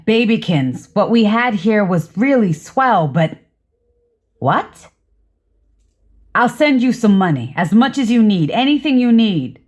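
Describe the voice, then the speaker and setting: A woman voicing a smooth-talking, patronizing man who keeps placating his lover. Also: medium pitch, very animated, a little slow, a little mellow.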